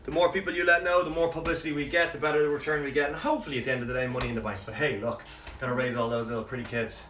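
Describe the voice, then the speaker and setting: A man, out of breath, leading a live workout with energetic cues and chatty asides. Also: medium pitch, racing, a little hiss or hum. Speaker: fitness coach. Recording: echoey room, mic at a distance, faint music.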